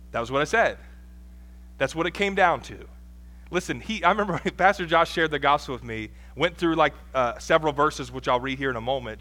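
With a bright, forceful tone at medium pitch, a thirty-something pastor delivers a conversational sermon. He pokes fun at himself, shares personal stories, and drops in asides and laughs.

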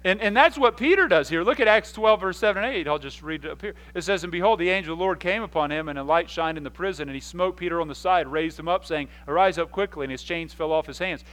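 Male pastor, fairly high-voiced, animated storyteller who acts out scenes, repeats words and restarts his sentences. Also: fast, hardly any pauses, rough recording. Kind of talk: sermon.

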